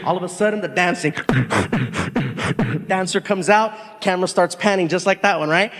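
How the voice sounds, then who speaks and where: A man doing animated stand-up storytelling on a theater stage, acting out the voices of people in his stories. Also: sits high, moderate pace, pauses often, in a large hall. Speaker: stand-up comedian.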